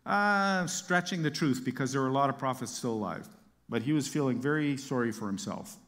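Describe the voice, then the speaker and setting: A man's voice: mid-range voice, a little fast, fairly bright tone, big-room sound. A man preaching a sermon, reading Bible verses aloud and explaining them with casual asides and light humor.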